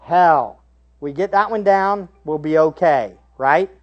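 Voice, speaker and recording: A man preaching a sermon as pastor, shifting between hushed asides and raised, emphatic questions to the congregation. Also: on the high side, measured pace, lo-fi sound. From United States. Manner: rhetorical tag questions to the congregation.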